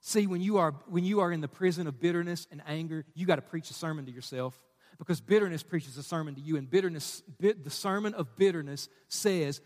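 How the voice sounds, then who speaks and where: A man's voice: high-pitched, expressive, brisk, fairly bright tone. A man preaching a sermon to a congregation, urgent and emphatic. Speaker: pastor. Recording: live hall with long reverb.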